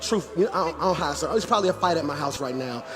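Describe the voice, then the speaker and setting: A man in his forties, a pastor preaching in a church sanctuary, animated, with shouted and sing-song phrases. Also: fairly high pitch, racing, music in the background. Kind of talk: sermon.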